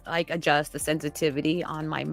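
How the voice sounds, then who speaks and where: A woman's voice: deep voice, flat delivery, brisk, soft background music. A middle-aged woman, a mother, talking openly and chattily in casual podcast conversation. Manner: candid, chatty storytelling.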